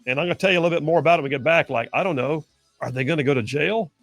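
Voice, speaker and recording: A man's voice: a little high, rapid-fire, no echo, soft background music. A man hosting a political talk show, delivering sarcastic commentary and mocking opponents in whiny put-on voices.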